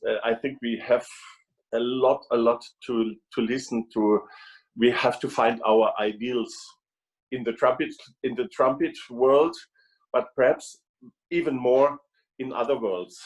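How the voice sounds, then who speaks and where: A man speaks over a video call microphone. He talks haltingly, repeating words and restarting his sentences as he goes. His voice sits at an ordinary pitch. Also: low-quality recording. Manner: halting, frequent restarts and repetitions. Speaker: guest trumpeter.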